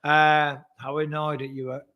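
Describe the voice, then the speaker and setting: A man's voice: a little high, little pitch movement, moderate pace, dull audio. A man, hosting a casual live stream, joking, teasing and swearing freely. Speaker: podcast host.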